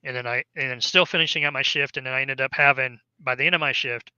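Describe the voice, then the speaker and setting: A man's voice: mid-range voice, steady tone, fast talker, sharp tone, smooth, dry recording, dull audio. A man, an army veteran, casually telling a long story in an interview, rambling with many fillers and restarts.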